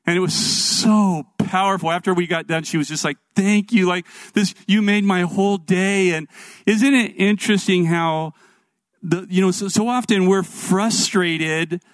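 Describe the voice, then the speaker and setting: A middle-aged male pastor preaching a sermon, telling stories in an animated, earnest way. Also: sits high, measured pace, dry recording.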